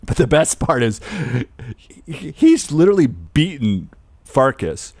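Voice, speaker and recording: Lively, laughing man chatting on a podcast. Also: fairly high pitch, a little slow, no room sound, studio quality. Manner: animated storyteller, laughs often, acts out film lines. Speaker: podcast co-host. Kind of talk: casual film discussion.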